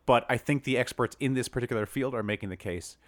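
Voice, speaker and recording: A man's voice: mid-range voice, no room sound. A man hosting a sports podcast, arguing points and steering the casual chat. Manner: quick, argumentative, steers the talk. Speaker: podcast host.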